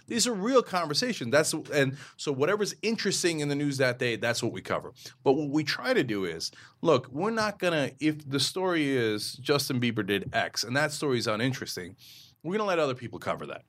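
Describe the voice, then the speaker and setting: An animated man speaks as a guest in a podcast interview. His pitch swings widely as he argues a point, and his delivery is emphatic and quick. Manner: emphatic, fast, breaks into mimicry and laughs. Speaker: interview guest, media founder.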